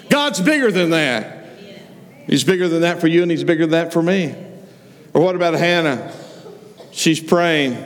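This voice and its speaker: A man preaching a sermon, retelling stories and acting out the voices of the figures he quotes. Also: fairly high pitch. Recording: long hall reverb.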